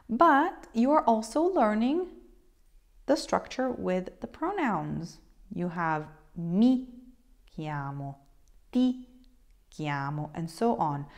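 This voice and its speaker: An Italian woman teaching a beginner language lesson, clear and patient, often checking in with a quick "okay?". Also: mid-range voice, a little mellow.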